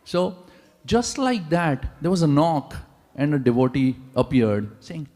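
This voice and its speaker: A preacher delivers a sermon in a large temple hall, telling stories animatedly and posing rhetorical questions to the audience. His voice is a little high, mellow and sing-song, and he takes his time. The hall's long reverb is audible.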